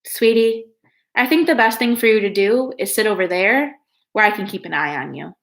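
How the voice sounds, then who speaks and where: A woman's voice: mid-range voice, expressive, normal speed, vocal fry. A woman doing a nasal, impatient desk clerk. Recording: echoey room.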